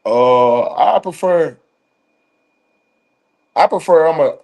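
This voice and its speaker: A young man with a Southern accent, a college football player as the interview guest, talking in a relaxed way and saying "you know what I'm saying" again and again. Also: fairly high pitch, slow pace. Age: young adult. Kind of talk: casual interview.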